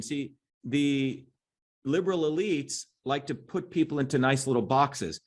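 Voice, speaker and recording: A man's voice: medium pitch, a little slow. A middle-aged man as an interview guest, talking emphatically and combatively, often tagging on "right?". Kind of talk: impassioned interview talk.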